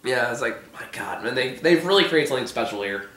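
Hoarse male vlog host, rambling and swearing, bright tone, roomy echo. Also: mid-range voice, expressive, quick pace. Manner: rambling, filler-heavy, swears casually. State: hoarse, voice giving out. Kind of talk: casual TV episode discussion.

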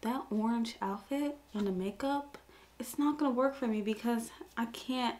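In this casual reaction video, a young female host sounds flustered and exclaims a lot, often muttering to herself. Her fairly high voice is a little mellow and moves at normal speed, with slight background noise and faint music behind it.

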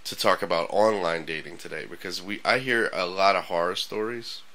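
A man co-hosting a loose radio chat show, his low voice bright and forceful as he rambles through stories. He restarts sentences often and keeps an animated, storytelling drive. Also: brisk, poor audio. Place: radio studio.

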